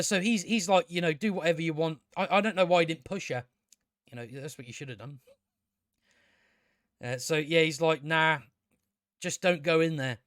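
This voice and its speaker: A man with a somewhat high, slightly bright voice recaps a TV episode in a rambling, casual video review, sarcastic and profane, tripping over restarts. The recording is dry and studio-clean.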